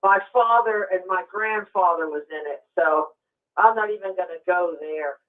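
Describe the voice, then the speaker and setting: A woman's voice: on the low side, normal speed. A woman with a Pennsylvania accent calling in to a talk show, speaking bluntly and emphatically. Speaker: caller. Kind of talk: phone call to a talk show. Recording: tinny phone line, distant.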